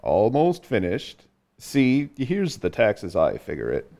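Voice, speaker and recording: An actor playing a gentle, muddled, wealthy old madman in a 1940s radio drama, vague and absent-minded. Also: lowish voice, huge pitch swings, takes it slowly, vocal fry, exaggerated voice. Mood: distracted. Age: older.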